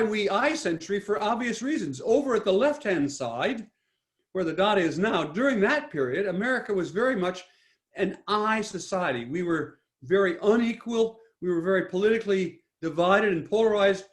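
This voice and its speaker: A man's voice: high voice, expressive, normal speed. An older man giving a talk with slides, speaking emphatically with many restarts and self-corrections. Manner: rambling, frequent restarts, emphatic. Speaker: guest speaker.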